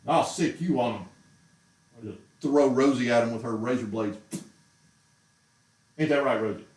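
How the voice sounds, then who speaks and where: Guy going off on a heated rant, mid-pitched, mic kinda far, echoey room. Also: moderate pace, a little mellow. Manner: heated, exasperated ranting. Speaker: show host. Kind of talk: casual rant on a livestream. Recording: roomy echo, mic far off.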